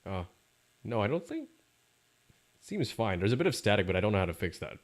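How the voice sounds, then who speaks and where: A man's voice: on the low side, big pitch swings, brisk. A young man casually playing through a game on a live stream, joking and reading character lines aloud into a desk mic. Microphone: desk mic with static.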